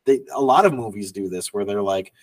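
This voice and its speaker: A man's voice: on the low side, a little fast, distant mic. A man co-hosting a podcast, chatting casually and wryly about a film. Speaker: podcast co-host. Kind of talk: casual film review chat. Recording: mic set back, dry room.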